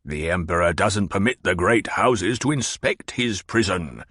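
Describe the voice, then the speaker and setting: A man's voice: low-pitched, expressive, unhurried, a bit bright, no echo, clean studio sound, exaggerated voice. A man voicing a fat, pompous and petulant old baron who blusters and demands answers. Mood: demanding.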